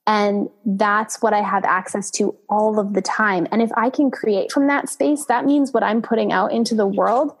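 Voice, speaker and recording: Woman, podcast co-host, reflective, earnest, mid-pitched. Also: fairly even intonation, normal speed, hardly any pauses. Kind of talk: casual faith conversation.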